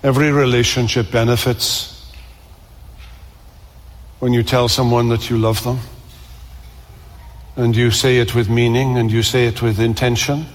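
Earnest preacher with a ringing hall echo. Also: male voice, mid-range voice, little pitch movement, measured pace, long pauses. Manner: earnest, builds emphasis through repeated phrases. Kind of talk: sermon.

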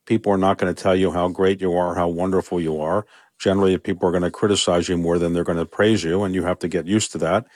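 Older man, low voice, measured conversational tone, dry close recording. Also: level tone, a little mellow, dry recording. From Baltimore. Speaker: interviewee, sports team owner. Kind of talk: radio interview answers.

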